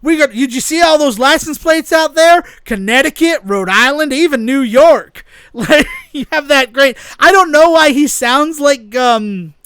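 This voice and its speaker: A man's voice: very high-pitched, animated, unhurried, a bit bright, dry recording, studio quality. A man co-hosting a podcast in casual chat, rambling enthusiastically and often laughing as he talks. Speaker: podcast co-host.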